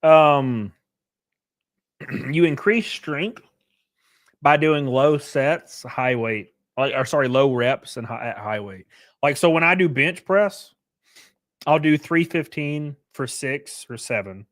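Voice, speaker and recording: A young man chats loosely on a livestream, reading chat as he goes, swearing freely and packing his speech with fillers. His pace is slow, but he's animated, and his pitch shoots sharply upward whenever he lands a joke.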